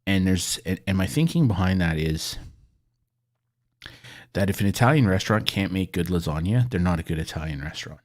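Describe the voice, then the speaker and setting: A man's voice: sits low, animated, fairly quick, darkish tone. A middle-aged man chatting casually and rambling while gaming, swearing freely as he goes. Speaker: gaming video creator.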